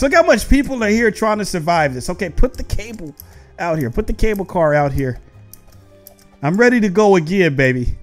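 A man hosting a gaming video, chatting casually and excitably to his viewers as he plays. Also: sits high. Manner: excitable, talks straight to viewers. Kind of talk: casual gameplay commentary.

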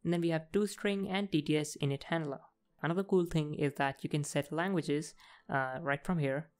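This man's voice sits on the high side, clear and resonant, with a steady tone and moderate pace. Hosting a casual screen-recorded programming walkthrough, he explains each step while typing and fills gaps with frequent fillers.

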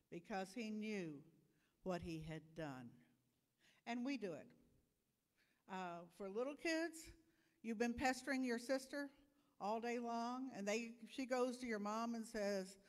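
A woman telling a children's sermon, animated and explaining things for little kids, in a church sanctuary. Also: medium pitch. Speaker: children's message speaker. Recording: long church reverb.

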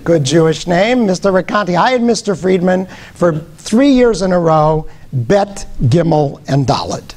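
A man's voice: high voice, lively intonation, unhurried, hardly any pauses, darkish tone. An older man from Nebraska giving a humorous storytelling lecture, joking and quizzing his audience. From Omaha, Nebraska, USA. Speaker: guest speaker.

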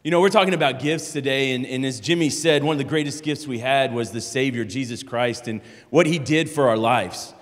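A man's voice: mid-range voice, fairly quick, few pauses. A man preaching a sermon in a conversational, explaining way, often restarting his phrases. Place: church sanctuary. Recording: long church hall reverb.

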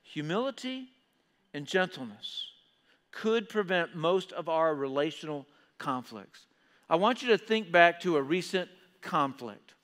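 A man preaching a sermon as pastor to a church congregation, animated and acting out listeners' voices. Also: a little high, unhurried. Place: church auditorium. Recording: long reverb of a church hall.

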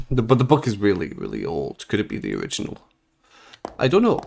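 Young male gaming creator with a lively, swooping voice; jokey, excitable horror playthrough commentary with swearing. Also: on the low side, fairly quick, creaky, a little hiss or hum.

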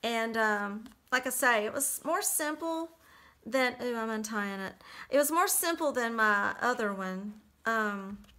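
A woman casually talking through a handmade journal she made, chatty and relaxed with lots of little fillers. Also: a little high, unhurried. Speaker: crafter showing a handmade journal. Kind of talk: casual flip-through narration.

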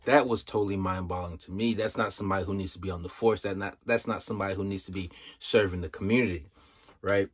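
A man's voice: low-pitched, fairly even intonation, fast talker, slightly rough. A young man giving casual, emphatic commentary, exasperated and full of rhetorical questions.

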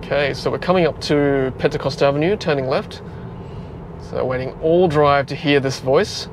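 A man's voice: a little high, normal speed. A man, a car vlogger, chatting casually while he drives, with lots of fillers. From Australia. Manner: chatty, relaxed, frequent fillers. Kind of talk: casual talk while driving. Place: inside a moving car. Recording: road noise inside a car.

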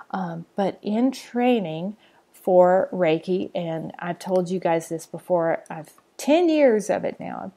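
Woman, podcast host, casual chatty monologue, fillers and asides, mid-pitched voice. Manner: chatty, with frequent fillers, asides and soft laughs. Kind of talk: casual solo podcast chat.

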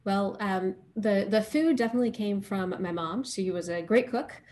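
Female wine expert from Texas, mid-pitched, articulate with ums, on a home video call. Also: moderate pace. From Northeast Texas, USA. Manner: warm, articulate, with frequent ums. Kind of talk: live video interview. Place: bedroom at home.

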